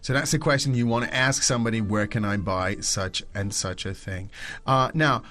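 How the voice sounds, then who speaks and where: A man's voice: lowish voice, moderate pace, fairly bright tone, soft background music. A man hosting a podcast language lesson, explaining step by step with many hesitations. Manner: explanatory, hesitant with fillers and restarts.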